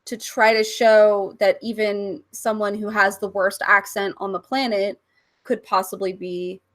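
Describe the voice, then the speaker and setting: A woman's voice: medium pitch, flat delivery, unhurried, a bit bright. A woman from California, a podcast guest, chatting candidly and laughing and swearing freely. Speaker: podcast guest, cam performer. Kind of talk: casual chat.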